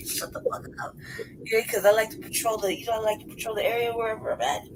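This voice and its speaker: A city-raised woman co-hosting a podcast shares a story, cursing, laughing often, and acting out what others said in lively, casual chat. She talks fairly quickly in a slightly high voice against a noisy background.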